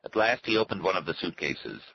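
A male narrator reads a novel in a very deep, steady voice. The recording sounds dull and lo-fi, with a faint hiss behind him. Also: vocal fry. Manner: steady, measured reading. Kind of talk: scripted audiobook narration.

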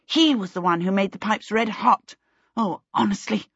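A woman's voice: mid-range voice, moderate pace, slightly rough, no echo, lo-fi sound. A woman reading a cross, bossy young girl who snaps impatiently. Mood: irritated. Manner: snappish, impatient.

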